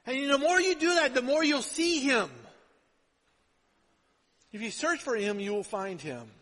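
A man's voice: extremely high pitch, lively intonation, unhurried, bright, forceful tone. A man preaching a sermon as pastor, chatty and informal, often asking the congregation "right?" to check they follow. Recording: long hall reverb.

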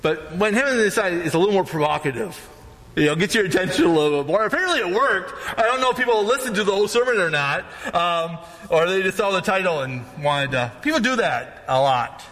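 A man's voice: sits high, animated, fast, fairly bright tone, big-room sound. A man preaching a casual sermon as pastor, talking conversationally and often checking in with "right?".

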